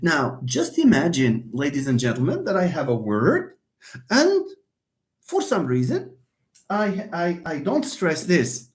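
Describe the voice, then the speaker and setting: Unhurried and lively-pitched, a linguistics lecturer walks through phonetics during a live online lecture. He greets his viewers by name and addresses them as friends, circling back to points and supplying answers to his own questions.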